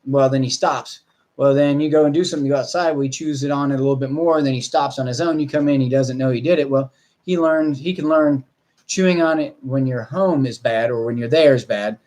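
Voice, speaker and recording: A man's voice: medium pitch, steady tone, fairly quick, darkish tone. A man, a dog trainer, talking casually to viewers in a rambling, blunt way with mild swearing.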